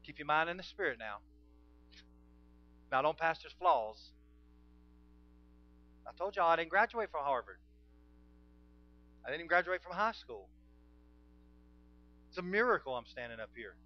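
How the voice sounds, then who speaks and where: A man preaching. He calls out to the congregation and swings between hushed and loud. The recording sounds dull and lo-fi, as if taped in a church sanctuary. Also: fairly high pitch, big pitch swings, moderate pace, long pauses. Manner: emphatic preaching with call-and-response, swinging from soft to loud. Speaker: pastor. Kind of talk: sermon.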